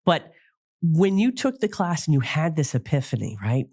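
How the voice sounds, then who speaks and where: A woman hosting a podcast interview, talking in a rambling, warm way with frequent restarts. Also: low-pitched, very animated, normal speed, breathy edge, no echo, studio quality. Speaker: podcast host. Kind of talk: casual interview.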